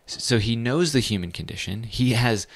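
A man, a pastor, teaching the Bible in a casual, animated way with bits of slang. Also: mid-range voice, normal speed.

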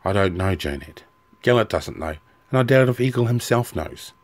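A man voicing a tired, even-tempered stocky soldier in an audiobook. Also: fairly low pitch, moderate pace. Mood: weary. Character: weary, loyal male soldier, stocky.

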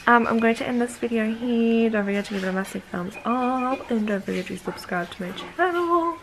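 A woman's voice: on the high side, brisk, background noise. A young woman vlogging at home, cooing baby talk to a new puppy. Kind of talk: casual home vlog.

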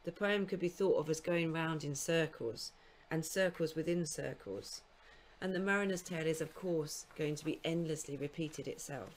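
Measured woman lecturing on poetry. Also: sits low, slight background noise. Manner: measured, explanatory, with occasional self-corrections; speaks scansion aloud in sing-song beats. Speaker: university lecturer. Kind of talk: recorded literature lecture.

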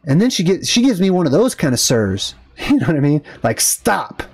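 A man's voice: fairly high pitch, sing-song, a little fast, darkish tone, breathy edge. A man vlogging, telling a story in an indignant, rambling rant full of fillers and asides. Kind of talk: casual ranting storytelling.

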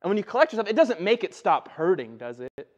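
High-voiced pastor preaching conversationally. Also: male voice, big pitch swings, quick pace, highs cut off. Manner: conversational, keeps asking "right?". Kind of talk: sermon. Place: church sanctuary.

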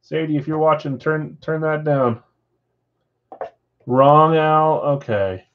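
Guy running a card break stream at home, bit high voice, kinda dull lo-fi sound, chatty with chat. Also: takes it slowly. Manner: chatty, reads viewer comments aloud. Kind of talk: casual live-stream chat. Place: house with a floor above.

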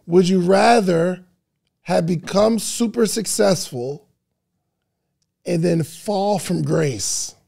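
Man, podcast host, live-stream chat, gravelly voice, animated delivery. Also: sits high. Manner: animated, drawn-out questions, reacts to chat.

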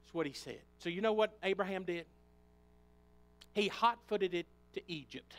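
High-voiced preaching man, Appalachian accent. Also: moderate pace. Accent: Appalachian American. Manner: impassioned preaching, rising and falling in pitch and volume. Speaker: pastor. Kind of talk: sermon. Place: church sanctuary.

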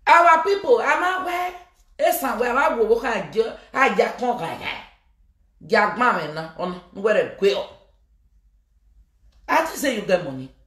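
A woman's voice: medium pitch, roomy sound. A woman with a Nigerian accent delivering a scolding, emphatic vlog message to her fans, often slipping into Pidgin. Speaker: social media personality addressing fans.

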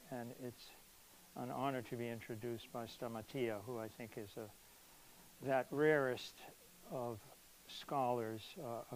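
A man speaking to an audience at a poetry reading, mid-pitched and unhurried, pausing often with ums as he gathers his thoughts. A faint hiss runs under the recording. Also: darkish tone, poor audio. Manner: hesitant, with many ums. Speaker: poet giving a reading. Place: cultural center hall.

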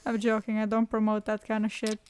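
A woman's voice: medium pitch, completely flat delivery, fairly quick, a little mellow, a little hiss or hum. A young woman giving casual horror gameplay commentary, joking, sarcastic and swearing freely. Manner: swears a lot, jokey and sarcastic. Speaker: let's play gamer.

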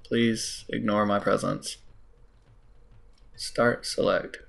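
An American man giving casual gameplay commentary, talking to the game, mocking himself and breaking into sudden high exclamations. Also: flat delivery, slow, creaky, a bit bright. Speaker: let's play host.

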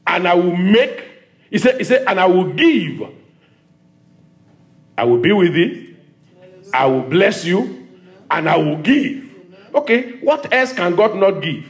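Nigerian pastor preaching in church, fairly high voice, keeps repeating lines and calling out for amens. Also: male voice. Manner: preaching with call-and-response, repeating phrases for emphasis. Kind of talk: sermon. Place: church service.

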